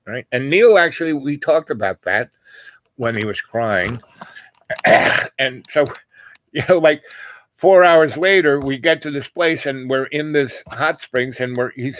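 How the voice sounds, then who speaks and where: An older man rambles through a long personal anecdote in casual conversation, his mid-range voice fairly bright. He meanders with plenty of "you know" and restarts while acting out other people's voices. There's no room sound.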